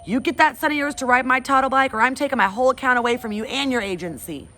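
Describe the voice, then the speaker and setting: Bossy, shouting businessman, read by a woman, raised and forceful. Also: high-pitched, fast, slight background noise, voice pushed up. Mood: angry. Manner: loud, barking threats. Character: angry, bossy middle-aged businessman.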